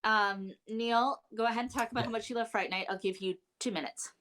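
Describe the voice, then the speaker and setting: A woman co-hosting a casual podcast chat from home, telling stories with lots of laughter and big swings in her voice. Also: a little fast. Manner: animated, laughing storyteller with big pitch swings. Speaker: co-host. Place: home, remote live show during lockdown.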